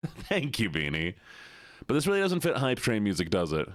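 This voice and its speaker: A man streaming games, chatting casually with viewers in a put-on Southern drawl, playful and quick to repeat himself. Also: fairly low pitch, wildly swooping pitch, a bit bright, no room sound, studio quality. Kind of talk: casual live-stream chat.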